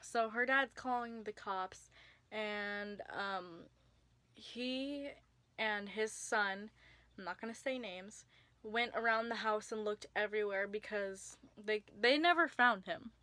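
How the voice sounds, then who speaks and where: A woman's voice: mid-range voice, slow, pushed and bright, dry recording. A young woman telling a personal story to camera in a casual vlog, chatty with lots of filler words and sudden whispers for emphasis. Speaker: vlogger.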